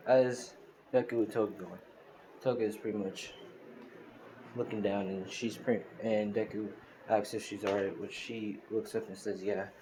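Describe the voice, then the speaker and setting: A man's voice: fairly low pitch, dark tone, slight background noise, low-quality recording. A man casually retelling a fan story, rambling along with many restarts and fillers.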